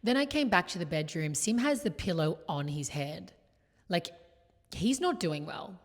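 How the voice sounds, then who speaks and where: A young woman vlogger telling a personal story in a chatty confessional way, full of "like" fillers, swinging between loud and hushed. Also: lowish voice, very animated, a little slow. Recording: long hall reverb.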